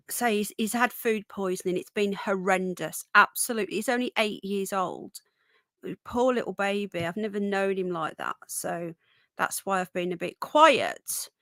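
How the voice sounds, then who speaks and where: A woman hosting a casual live stream, her voice slightly croaky from a recent sore throat, chatting and greeting viewers by name. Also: fairly high pitch, fairly bright tone, no room sound, studio quality. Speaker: livestream host.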